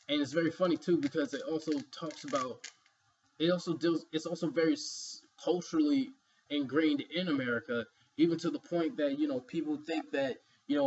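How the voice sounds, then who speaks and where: A man's voice: on the high side, moderate pace, muffled recording, slight background noise. A man giving an emphatic, rambling opinion commentary, filled with "you know" asides. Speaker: vlogger.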